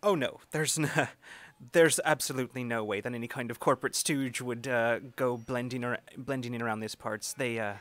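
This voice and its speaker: A man's voice: medium pitch, sing-song, slow, pauses often, a bit bright, dry recording, pitched above the performer's own voice. A man voicing a sly, chuckling male dealer in a tabletop game. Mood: amused. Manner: amused, chuckling while talking.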